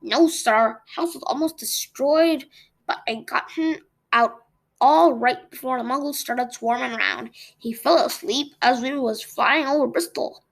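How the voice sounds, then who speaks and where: A woman reading aloud as a huge, gentle giant man who stammers through sobs. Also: high-pitched, a little slow, vocal fry, heavily acted. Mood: eager. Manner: stammering, sobbing.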